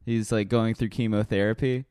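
Rambling, laughing man, smooth voice. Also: lowish voice, steady tone, darkish tone, dry recording, studio quality. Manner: rambling, laughing, quick retellings with put-on quotes. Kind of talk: casual chat.

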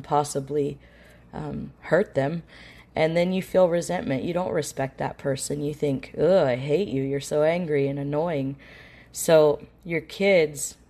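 A woman's voice: deep voice, gravelly, mellow. A middle-aged woman giving earnest, direct parenting advice in an instructional talk, with frequent restarts. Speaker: parenting educator.

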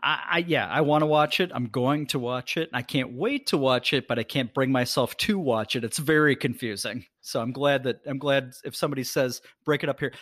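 A man's voice: mid-range voice, fairly quick, hardly any pauses, a bit bright, no room sound, clean studio sound. A man co-hosting a podcast, teasing his partner crudely, often restarting his sentences. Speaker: podcast co-host. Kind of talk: casual podcast banter.

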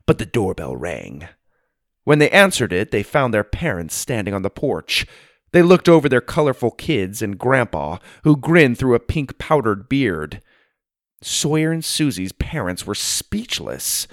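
A man reads a children's storybook aloud as host, upbeat and friendly, with a voice that rises and falls in animated swings. The sound is close and dry, with no room echo. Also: fairly low pitch, a little slow. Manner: upbeat and friendly, shouting out listeners. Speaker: podcast host and narrator. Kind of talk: storybook narration for kids.

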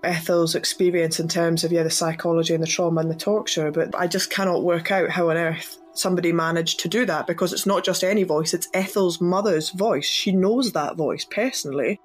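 A man's voice: fairly high pitch, steady tone, brisk, hardly any pauses, faint music behind. A man giving expert commentary, sounding puzzled and emphatic.

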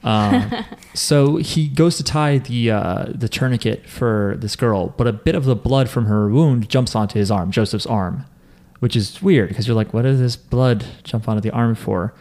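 A man's voice: mid-range voice, moderate pace, darkish tone. A young man hosting a podcast, recapping an anime in casual, joking chat and swearing freely. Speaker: podcast host.

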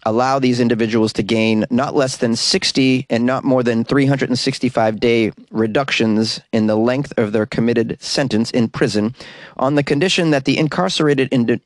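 A man's voice: medium pitch, normal speed, no room sound. A man hosting a news commentary show, reading stories aloud and breaking off into wry, sarcastic asides.

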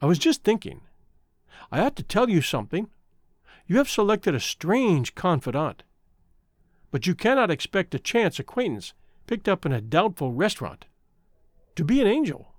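A male narrator voices a young woman with a troubled past, speaking earnestly and confessionally. The storybook reading has a lively lilt and a dry, close sound. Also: sits high, moderate pace, pauses often, no echo. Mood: confessing. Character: young woman, troubled former chorus girl.

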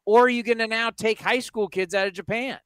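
A man's voice: high-pitched, fairly even intonation, fairly quick, fairly bright tone, clean tone, no echo. A man hosting a baseball talk show, talking casually and emphatically, firing off rhetorical questions. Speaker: sports talk show host.

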